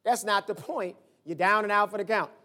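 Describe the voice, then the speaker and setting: A man preaching a sermon as pastor, telling stories and acting out the voices in them, swinging from shouts to low asides. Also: a little fast.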